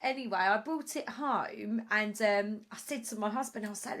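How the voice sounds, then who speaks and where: A woman co-hosting a podcast, chatty and animated as she tells stories and asks questions. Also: medium pitch, brisk, few pauses. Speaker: podcast co-host. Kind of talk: casual podcast chat.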